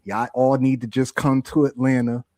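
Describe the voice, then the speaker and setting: A man's voice: medium pitch, flat delivery, normal speed, a little mellow, no room sound, studio quality. A man hosting a casual sports chat over an online call, blunt and teasing with lots of slang. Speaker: sports podcast host.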